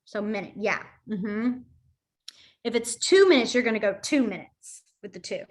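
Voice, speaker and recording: A young adult woman teaching a beginners' sign language class, explaining hand movements in a chatty way with quick asides. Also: fairly high pitch, lively intonation. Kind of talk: casual online class instruction.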